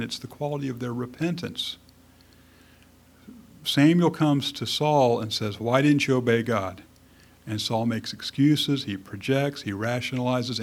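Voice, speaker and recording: A man's voice: mid-range voice, breathy edge. A male preacher teaching in an easygoing sermon style. He talks casually with light humor and often restarts his sentences as he thinks aloud. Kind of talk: conversational sermon.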